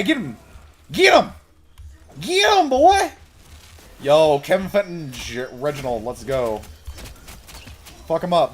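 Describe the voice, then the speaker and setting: A man giving live, excitable commentary while playing a video game, laughing and shouting commands to a pet. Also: on the high side. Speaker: game streamer.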